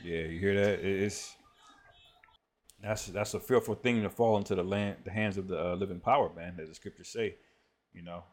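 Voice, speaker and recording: A man giving casual spoken commentary on scripture and prophecy, often tagging his sentences with "man" and reading verses aloud slowly. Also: deep voice, steady tone. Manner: conversational, peppers speech with "man".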